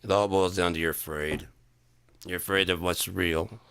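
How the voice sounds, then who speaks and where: A man's voice: low-pitched, fairly even intonation, moderate pace, a bit bright, a little hiss or hum. A man ranting sarcastically and profanely, mocking people and slipping into put-on voices. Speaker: comedic commentator. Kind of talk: sarcastic solo rant.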